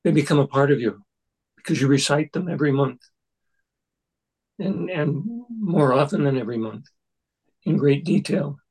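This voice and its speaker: An older man leading a text study group, speaking in a halting, thoughtful way with many restarts. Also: a little high, a little mellow, breathy edge, low-quality recording. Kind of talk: discussion of a Buddhist text.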